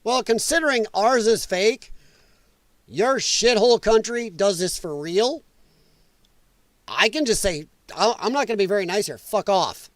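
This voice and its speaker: A man's voice: high voice, expressive, a little slow, no echo. A man hosting a podcast, ranting about the news in a blunt, angry, profane way. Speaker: podcast host.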